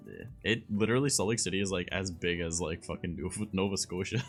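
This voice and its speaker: Deep-voiced Canadian man, laid-back. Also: fast, soft background music. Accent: Northern Ontario Canadian. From Southern Ontario, Canada. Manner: laid-back, swears freely, trailing fillers. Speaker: streamer. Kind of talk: casual stream chat.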